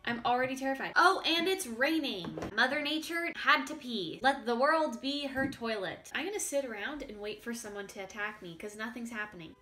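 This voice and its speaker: A teenage girl giving casual, deadpan, jokey game commentary with sudden panicked shrieks, sounding a bit congested. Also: on the high side, normal speed, hardly any pauses. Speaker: gaming YouTuber.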